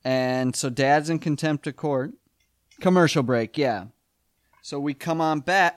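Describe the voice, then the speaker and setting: Smooth-voiced man rambling through a recap. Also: fairly high pitch, unhurried, dry recording, studio quality. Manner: rambling, swears casually, many fillers and restarts. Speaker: podcast co-host. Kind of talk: casual episode recap chat.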